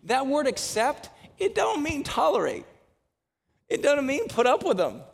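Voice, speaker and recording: Gravelly preacher in a reverberant hall. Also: male voice, extremely high pitch, wildly swooping pitch, unhurried. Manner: joking, conversational preaching that builds to emphatic exhortation. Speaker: pastor. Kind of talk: sermon.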